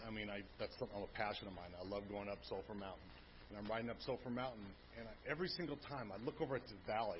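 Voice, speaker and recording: A low-voiced man in his fifties shares an earnest, emotional testimony with his congregation, his voice booming. The church recording is dull and lo-fi, with a faint hum behind it. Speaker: family pastor. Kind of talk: personal testimony. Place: church sanctuary.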